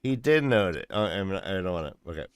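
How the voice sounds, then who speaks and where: A man co-hosting a casual book discussion, joking and teasing the others in lively banter. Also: low-pitched, fairly quick, smooth, no room sound, clean studio sound. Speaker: podcast co-host.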